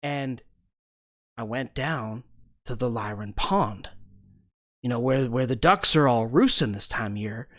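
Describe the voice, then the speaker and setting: A man's voice: medium pitch, expressive, unhurried, long pauses, fairly bright tone, no room sound, clean studio sound, voice pushed down. A man doing a stammering, panicky village busybody. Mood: flustered. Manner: stammering, repeating words. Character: flustered, panting male village busybody. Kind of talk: tabletop role-play character voice.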